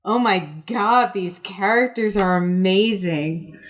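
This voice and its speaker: A woman narrating as game master of a tabletop role-playing podcast, laughing often and pausing on fillers. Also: mid-range voice. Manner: giggly, halting with fillers.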